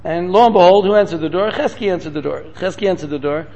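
A man giving a storytelling sermon as a guest speaker, talking in rapid, repetitive bursts sprinkled with Hebrew terms. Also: high voice, creaky, mellow, lo-fi sound.

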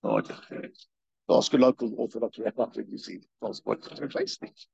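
A man giving a spoken religious lecture, animated, firing rhetorical questions and repeating himself. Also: fairly low pitch, normal speed, gravelly, slightly rough, dry recording. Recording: dull, dry lo-fi recording.

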